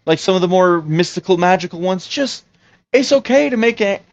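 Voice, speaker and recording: A man's voice: high-pitched, lively intonation, fairly quick, creaky, no echo, dull audio. A man co-hosting a podcast, talking casually and rambling with frequent restarts and fillers. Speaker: podcast co-host. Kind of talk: casual chat.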